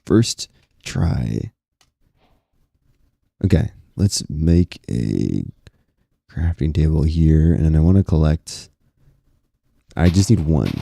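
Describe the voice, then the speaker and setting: Deep-voiced young man streaming a game. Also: gravelly. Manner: excitable, laughs often, talks to chat. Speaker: gaming streamer. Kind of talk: casual gaming stream commentary.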